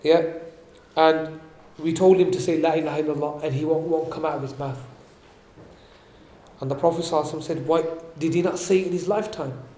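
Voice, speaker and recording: A man giving a religious talk, explaining points and asking his listeners questions, reciting Arabic quickly before translating it. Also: a little high, fairly even intonation, dark tone, echoey room. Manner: explains and asks the audience questions. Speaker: religious teacher. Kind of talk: sermon. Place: event hall.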